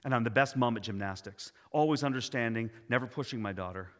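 A man's voice: mid-range voice, fast talker, close to an everyday voice. A man voicing a driven perfectionist mom. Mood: proud. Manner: insistent, self-assured, repetitive. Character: driven perfectionist mother, proud and anxious. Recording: long hall reverb.

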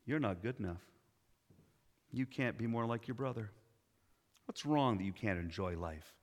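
Jesus, played by a man slow and tender. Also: on the low side, expressive, natural voice. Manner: slow, deliberate, tender with bursts of authority. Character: Jesus, gentle but commanding man. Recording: long hall reverb.

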